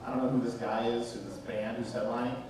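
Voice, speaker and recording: A man's voice: medium pitch, flat delivery, fast, darkish tone. A male stand-up comedian doing a brash, profane set on a live club stage, teasing the crowd while they laugh. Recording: echoey, distant from the mic, noisy. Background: audience laughter.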